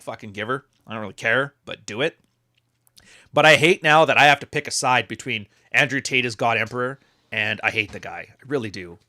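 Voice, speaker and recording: Sardonic, swearing man with a bright voice. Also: medium pitch. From Canada. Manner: sardonic, swears freely, rambling asides. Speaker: commentator. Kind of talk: casual profane commentary on social media posts.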